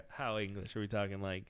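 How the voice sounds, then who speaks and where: A man's voice: fairly low pitch, smooth. A man co-hosting a podcast in casual chat, easygoing with dry humor. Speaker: podcast co-host.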